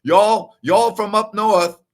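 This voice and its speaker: A man voicing a gruff, teasing Southern uncle with a Southern drawl, loud and pitched well above his own voice. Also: steady tone, takes it slowly.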